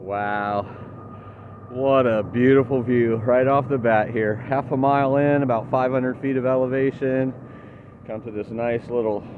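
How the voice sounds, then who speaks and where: A man's voice: mid-range voice, phone-quality sound, background noise. A man narrating his hike in a casual, upbeat vlog, chatty and a little out of breath from the steep climb. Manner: chatty, upbeat, laughs at himself, many "uh" fillers. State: winded from climbing. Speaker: hiking vlogger. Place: outdoors on a steep forest trail.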